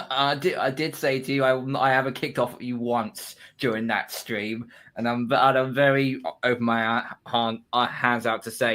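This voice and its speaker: A man's voice: mid-range voice, fairly bright tone. Chatty sweary English man. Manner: chatty, sweary, laughs along. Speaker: panelist and streamer. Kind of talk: casual chat.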